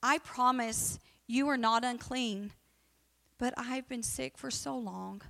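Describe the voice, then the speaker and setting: Woman doing healed woman, pleading, earnest, high-pitched, slow, echoey hall. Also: creaky, a bit bright, exaggerated voice.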